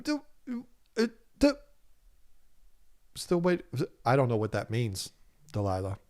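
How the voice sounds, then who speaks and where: The host of an aquarium channel livestream reads viewers' chat comments aloud, jokes with them, laughs often and talks animatedly. His voice is on the high side, sing-song and a little mellow, with a slow pace and frequent pauses.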